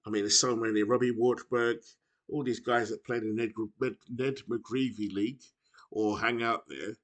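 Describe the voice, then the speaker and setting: A man's voice: medium pitch, fairly even intonation, normal speed, fairly bright tone. A British man chatting casually to his viewers about a baseball video game, rambling and often correcting himself, recorded on a laptop microphone. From United Kingdom. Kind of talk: casual chat to camera.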